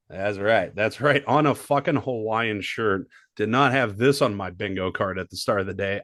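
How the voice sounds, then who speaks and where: A man's voice: medium pitch, no room sound. Man, comedy podcast co-host, casual joking chat, swears a lot, dry close recording. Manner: animated, profane, joking.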